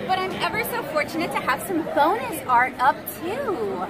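A woman's voice: very high voice, sing-song, normal speed. A woman comic artist giving a casual, candid vlog recap from her artist alley table. She talks in a chatty way with frequent "um" fillers and sounds tired. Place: artist alley at an indoor anime convention. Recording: echoey hall with a faint crowd.

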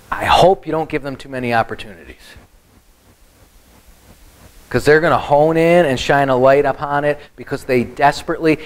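Male pastor, animated Bible teacher with a lively, slightly high voice. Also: poor audio. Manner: animated, joking asides to the congregation. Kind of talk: Bible study sermon.

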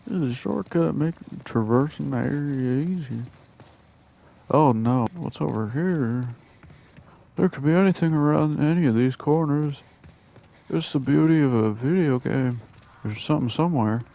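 Gravelly, joking gaming host man. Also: on the high side, moderate pace. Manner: excitable, joking, exclamatory. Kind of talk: casual gaming commentary.

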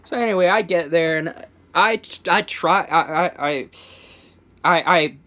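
A man's voice: a little high, unhurried, bright, forceful tone. A young man telling a casual storytime vlog, rambling with many restarts and stammers, chuckling between phrases. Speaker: vlogger.

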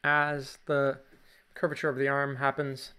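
A man's voice: medium pitch, completely flat delivery, measured pace, pushed and bright, clean tone. A man with a Canadian accent, chatting casually through a drawing tutorial with jokey asides. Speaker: drawing teacher.

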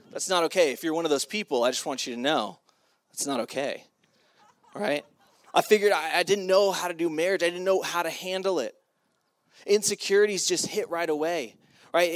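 Middle-aged male keynote speaker, slightly high voice, chatty and funny, sermon at a school event. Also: fairly quick. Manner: casual and humorous, acts out his own reactions. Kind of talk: sermon to graduating students.

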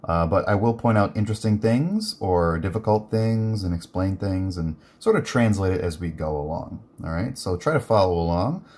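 Guy with a lowish voice teaching german, laid back and chatty, lots of ums. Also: normal speed, few pauses. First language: English. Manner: chatty, relaxed, with many fillers. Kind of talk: casual guided reading lesson.

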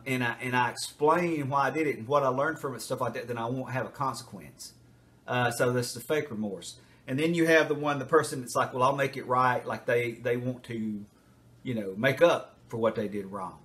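Older man rambling through advice. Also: medium pitch. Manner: rambling, lots of fillers, numbered points. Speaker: retired teacher and school administrator. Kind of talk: casual advice talk to camera.

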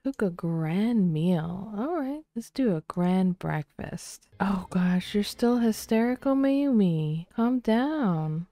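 A woman giving casual commentary while playing a life-sim game, soft-spoken and often half-whispering, close to the mic. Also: mid-range voice, lively intonation, slow, few pauses, dry recording. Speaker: let's play creator.

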